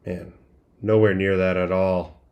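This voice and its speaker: Man breaking down baseball pitches casually. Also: little pitch movement, a little slow, dull audio. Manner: conversational, thinks aloud, many restarts and fillers. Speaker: livestream host breaking down game film.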